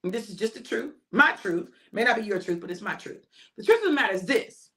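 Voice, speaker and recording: A woman's voice: medium pitch, expressive, quick pace, a bit bright. An older woman preaching an informal sermon, emphatic and repetitive, often calling out to her listeners.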